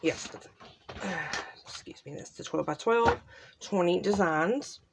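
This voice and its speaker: A woman hosting a casual crafting unboxing, gushing softly and trailing off into quiet asides. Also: on the low side, a little slow, gravelly, noisy background. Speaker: crafting channel host. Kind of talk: casual unboxing show-and-tell.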